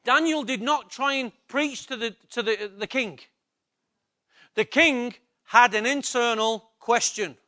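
Male preacher, high voice, emphatic sermon delivery, repeats lines, quizzes the congregation. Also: a little slow, pushed and bright. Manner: emphatic, repetitive, asks the congregation questions. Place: church.

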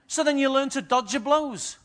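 High, bright-voiced preacher. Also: male voice, normal speed. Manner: lively storytelling, acts out quotes and swings from hushed to loud. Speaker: pastor. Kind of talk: sermon.

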